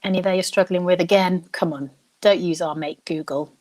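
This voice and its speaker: A young woman hosting a live online quiz, chatting and thinking out loud, reading each question slowly and then repeating it. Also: lowish voice, steady tone. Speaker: quiz host.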